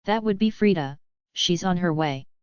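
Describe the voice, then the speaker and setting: A woman's voice: lowish voice, animated, normal speed, a little mellow, clean tone, dry recording, close to an everyday voice. A woman voicing a cheerful, knowing female guide in an audiobook, in a dull, dry recording. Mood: friendly.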